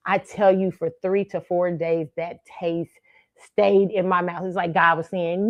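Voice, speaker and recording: A middle-aged woman hosting a show, telling a story casually with laughter and high-pitched acted-out quotes. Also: level tone, a little slow, no echo, lo-fi sound. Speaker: show host.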